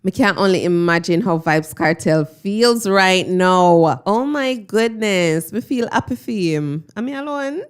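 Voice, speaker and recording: A woman's voice: mid-range voice, expressive, unhurried, hardly any pauses, clean tone. A woman presenting an upbeat entertainment news roundup.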